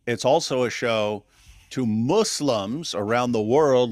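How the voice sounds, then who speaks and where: Animated man co-hosting a talk show. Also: medium pitch, a little slow, dry recording. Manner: animated, laughs while talking, frequent restarts. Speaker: co-host. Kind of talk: casual political discussion.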